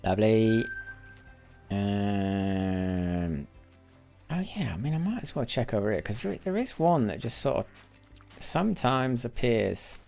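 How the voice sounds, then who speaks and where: A man's voice: fairly low pitch, lively intonation, unhurried, gravelly, pauses often, a little mellow, soft background music. A man giving casual live commentary while playing a game, rambling and correcting himself as he goes, sometimes muttering to himself. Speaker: gaming livestreamer.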